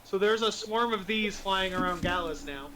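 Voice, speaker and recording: A man's voice: high-pitched, normal speed, noisy background. A man narrating as game master in a chatty way, laughing often and using lots of fillers.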